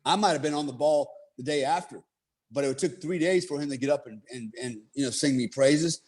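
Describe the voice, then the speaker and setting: Brisk and fairly high-pitched with a darkish tone, he tells the long story in a laid-back manner. He curses freely and leans on "you know" and "right?" again and again.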